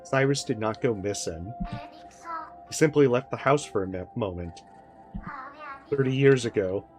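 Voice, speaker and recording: A woman's voice: a bass voice, lively intonation, a little slow, over music. A woman streamer reading the lines of a lonely wife who still waits for her vanished husband, with pleading questions. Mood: wistful.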